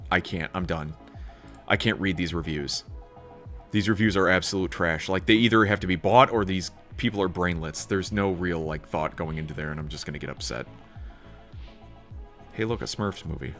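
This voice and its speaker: A man's voice: deep voice, normal speed, faint music behind. A man streaming live, chatting casually and ranting, laughing often and filling in with "like" and "um". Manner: animated, ranting, laughs often, lots of fillers. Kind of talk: casual livestream chat.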